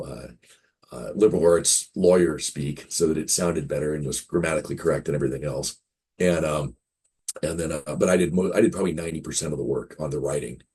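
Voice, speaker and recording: A man's voice: a bass voice, a little mellow, breathy edge. A man in his fifties, a game publisher guest on an interview, rambling through anecdotes and acting out quoted dialogue. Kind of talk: casual interview storytelling.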